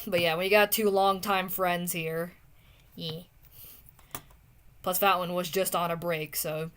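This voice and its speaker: A young woman streamer chatting casually with viewers while drawing, often trailing off into soft muttering to herself as she works. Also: lowish voice. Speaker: streamer drawing art requests.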